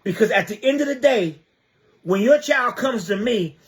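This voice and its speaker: With a high voice, lively intonation, and a moderate pace, a man from the Trenton area of New Jersey addresses his viewers directly. He's a community advocate giving a passionate livestream monologue, urgently hammering his points through repeated rhetorical questions.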